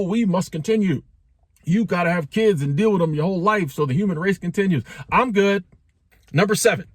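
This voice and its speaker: A man's voice: high voice, no room sound, clean studio sound. A man in his forties talking casually in a joking, conversational way, full of slang and asides to his viewers. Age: 40s. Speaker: vlogger. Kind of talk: casual talking-head monologue.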